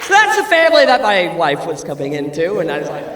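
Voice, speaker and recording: A man in his thirties doing a stand-up comedy routine, loud and profane, swinging between shouting and muttering. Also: high-pitched, wildly swooping pitch, quick pace, noisy background. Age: 30s. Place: comedy club stage with audience. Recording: echoey club, crowd laughter, distant mic.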